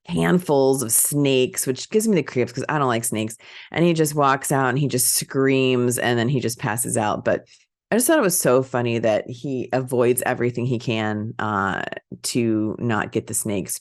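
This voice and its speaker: A woman with a very low, deep speaking voice chats casually as a podcast host. She talks in a lively, swooping way, giggles often, and now and then jumps into a high put-on voice to act out a scene. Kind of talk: casual movie chat.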